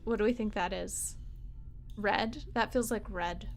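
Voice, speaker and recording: A woman's voice: medium pitch, steady tone, measured pace, gravelly. A woman hosting a let's play, chatting casually and jokingly sounding out foreign words in mock accents. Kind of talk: casual game commentary. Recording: game music playing underneath. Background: game music.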